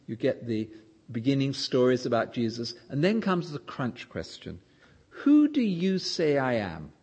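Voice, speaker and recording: A man's voice: medium pitch, slightly rough. A man preaching a sermon in an emphatic way, his voice rising and falling to stress points.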